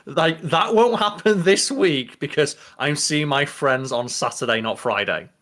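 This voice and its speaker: A man's voice: a little high, expressive, a little slow, fairly bright tone. Dry-joking man. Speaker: podcast co-host. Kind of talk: casual chat.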